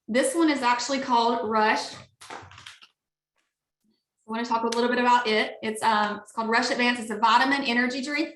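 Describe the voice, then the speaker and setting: A chatty woman with a Southern Alabama twang gushes through a sales pitch on a video call. Her voice sits a little high and rings bright and forceful. The sound carries the echo of a roomy space. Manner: upbeat, gushing, chatty. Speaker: network marketing leader.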